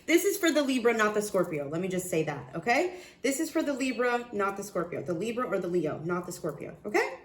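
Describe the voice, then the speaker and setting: A woman giving a casual tarot reading, excitable and profane, often restarting her sentences. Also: mid-range voice, brisk, echoey room. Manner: excitable, swears, laughs, trails off and restarts. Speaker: tarot reader.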